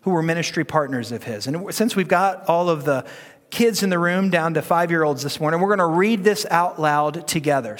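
High-voiced pastor preaching in a reverberant hall. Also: male voice. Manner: conversational and joking, leads the room in reading aloud. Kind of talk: sermon. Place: church sanctuary.

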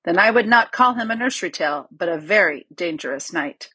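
A woman's voice: on the low side, animated, a little fast, bright, forceful tone, breathy edge, dry recording, heavily acted. A woman reading the part of a resentful, scheming male lord with a sly, grumbling manner. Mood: careful.

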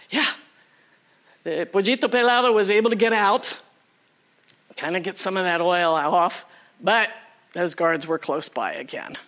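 Woman storyteller, live class, animated, quizzes listeners, very lively pitch. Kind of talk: live folktale telling to a class. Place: college classroom.

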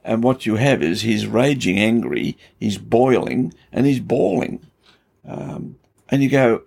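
A man's voice: medium pitch, animated, measured pace, vocal fry, a little mellow, slightly rough. A man, a pastor, explaining scripture in an earnest, emphatic conversational way. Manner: earnest, emphatic storytelling with rising intensity. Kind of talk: conversational Bible teaching.

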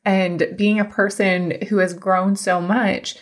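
A woman's voice: medium pitch, level tone, slow pace. A woman in her thirties hosting her own podcast, telling a personal story in a chatty, emphatic, heartfelt way. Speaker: podcast host and coach. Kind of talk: casual storytelling monologue.

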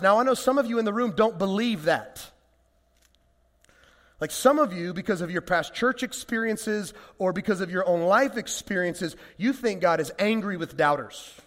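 Animated male pastor preaching. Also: high voice, normal speed. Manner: conversational, animated preaching with rhetorical questions. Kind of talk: sermon. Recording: long reverb of a large hall.

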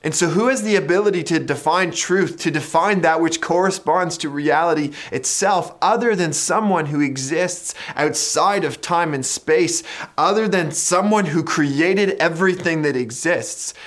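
A man preaching a sermon in a conversational way, retelling a story with drama and dropping to quiet emphasis on key lines. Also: on the high side, measured pace. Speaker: pastor.

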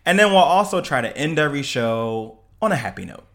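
A man co-hosting a casual podcast, with playful banter. His pitch swings widely as he talks, and now and then he slides into a polished newscaster delivery. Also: animated, a little fast, fairly bright tone. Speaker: podcast co-host.

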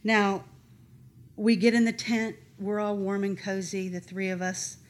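A middle-aged woman telling a personal story in an earnest, halting, animated way. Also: medium pitch.

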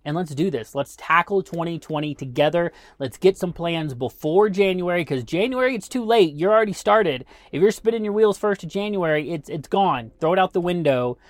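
A man's voice: sits high, animated, moderate pace, few pauses, no echo. A man hosting a podcast, giving casual motivational coaching with rhetorical questions. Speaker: podcast host.

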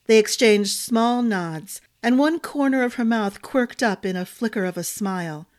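A woman storyteller reading a fantasy novel aloud, measured and expressive. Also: a little high. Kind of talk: audiobook narration.

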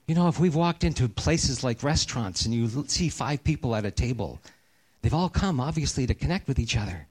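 A middle-aged man preaching a sermon, telling a personal story earnestly and sinking to a hushed, slow voice for the serious parts. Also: mid-range voice, lively intonation. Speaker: pastor.

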